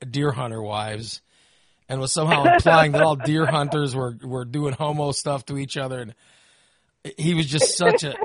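A man hosting a podcast, chatting casually and ranting with animated, profane energy. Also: medium pitch, moderate pace, a loud crowd. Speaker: podcast host.

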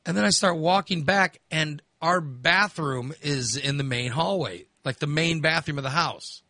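A man hosting a talk show who tells a crude story in an animated, exasperated way and swears freely. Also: fairly high pitch, a little slow, no echo. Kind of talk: casual storytelling chat.

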